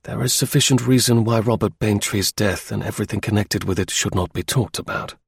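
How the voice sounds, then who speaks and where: A man reading the part of a stern, cool intelligence chief, measured, formal and curt. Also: fairly low pitch, creaky, husky, no echo, clean studio sound, full character voice.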